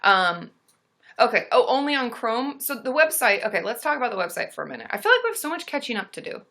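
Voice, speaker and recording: Bright, bubbly woman live-streamer. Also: a little high, big pitch swings, fast. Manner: bubbly, chatty, many "um" and "like" fillers. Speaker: therapist hosting a live stream. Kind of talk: casual live-stream chat.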